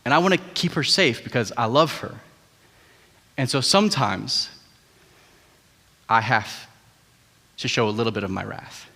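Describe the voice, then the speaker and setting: A young man preaching a sermon as pastor, telling family stories in a conversational, animated way with asides to the congregation. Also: medium pitch, a little slow, gravelly, pauses often. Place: large church auditorium. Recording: hall reverb.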